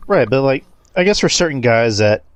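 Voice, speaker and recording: A man's voice: medium pitch, animated, moderate pace, dry recording, studio quality. A man talking in casual podcast chat, blunt and opinionated, with casual swearing.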